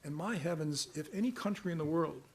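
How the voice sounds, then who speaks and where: An older man from Canada answering reporters' questions at a press conference in a measured, deliberate way, at times reading aloud from a report. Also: a little high, animated, darkish tone, slight background noise. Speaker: special rapporteur at a press conference.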